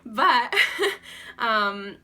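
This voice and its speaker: A young woman talks casually to her camera, rambling and giggly, full of "like" and "um". Her voice sits a bit high and sounds bright and forward. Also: drawn-out words. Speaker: beauty vlogger. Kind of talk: casual chatty vlog.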